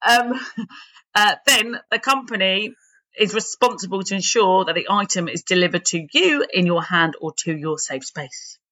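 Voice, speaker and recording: A woman's voice: medium pitch, expressive, normal speed, sharp tone. A British woman co-hosting a podcast, patiently explaining consumer rights in casual chat and laughing easily. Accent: British English.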